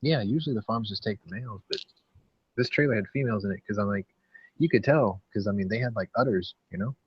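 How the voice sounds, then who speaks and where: A man hosting a casual podcast chat, relaxed, laughing often and swearing freely. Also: lowish voice, fast, slightly rough, no room sound, dull audio. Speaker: podcast host.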